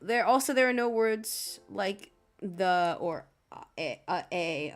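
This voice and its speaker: Slow-talking woman muttering while drawing. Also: mid-range voice, lively intonation, faint music behind. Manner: rambling, exasperated muttering to herself; swears casually, laughs often. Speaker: art streamer. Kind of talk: casual chat while drawing.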